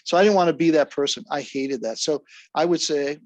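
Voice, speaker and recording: A man, a drummer guest, telling stories in a relaxed, even-keeled way during a casual interview. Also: a little high, brisk, no room sound. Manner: laid-back, even-keeled storyteller.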